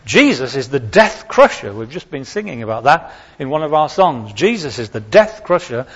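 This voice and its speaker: A man's voice: fairly high pitch, breathy edge, muffled recording. A man telling a Bible story during a Sunday church service, questioning the listeners as he goes. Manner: animated storyteller who acts out voices and questions the listeners. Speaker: preacher. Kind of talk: children's talk in a church service.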